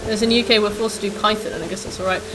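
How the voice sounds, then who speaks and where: A woman's voice: mid-range voice, steady tone, very fast, music in the background. Rambling woman streamer. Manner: rambling and chatty, full of "like" and "um". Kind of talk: casual chat with viewers while gaming.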